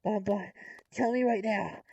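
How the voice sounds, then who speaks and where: A woman voicing a bossy female robot doll in a toy play-acting video, scolding and demanding answers loudly. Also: medium pitch, measured pace, gravelly, husky, dull audio.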